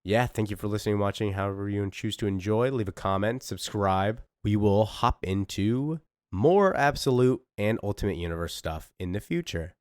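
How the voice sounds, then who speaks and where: A man reading and recapping a comic book, excitable and emotional as he talks. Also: on the low side, normal speed, dry recording, clean studio sound. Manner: excitable, emotional, fan enthusiasm. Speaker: comic book reader and reviewer.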